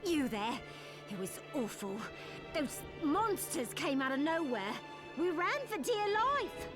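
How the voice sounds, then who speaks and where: A bitter widow for a game, high and animated, music under her. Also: takes it slowly, heavily acted. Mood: grieving. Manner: pleading, bitter. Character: vengeful grieving village widow.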